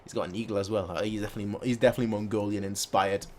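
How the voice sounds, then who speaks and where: A man's voice: lowish voice, steady tone, a little mellow. Man joking through a manga read-along. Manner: joking, adds sound effects and quick asides between read lines. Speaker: manga reaction host.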